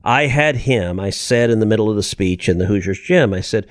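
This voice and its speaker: A man in his fifties, a politician guest telling stories in a casual interview, animated and self-deprecating, often restarting words. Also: fairly low pitch, a little fast, hardly any pauses, dry recording, clean studio sound.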